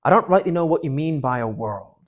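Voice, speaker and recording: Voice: medium pitch, animated, brisk, voice pushed up, lightly acted. A storyteller reading aloud as a gloomy but stubborn marsh creature, breathless, defiant and impassioned.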